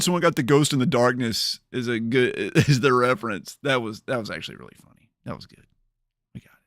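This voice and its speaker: A man's voice: mid-range voice, a bit bright, no echo, studio quality. A man hosting a livestream, chatting casually and rambling with jokes to his viewers. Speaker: streamer host.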